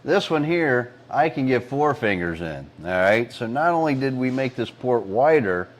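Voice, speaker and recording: A middle-aged engine builder co-hosts a podcast, explaining engine parts in casual technical shop talk. He rambles with many fillers and clears his throat often, his medium-pitched voice swinging widely in pitch at a moderate pace. He's recorded on a collar lapel mic.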